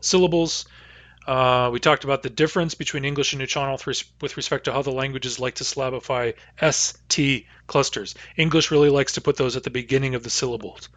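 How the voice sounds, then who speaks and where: A man teaching a language lesson, saying each word slowly and carefully, then repeating it. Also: medium pitch, fairly even intonation, fairly bright tone, no echo. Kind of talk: vocabulary pronunciation lesson.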